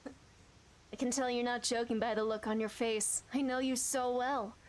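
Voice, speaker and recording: Young male best friend, steady, reassuring, game character, voiced by a woman. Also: very high voice, a little slow.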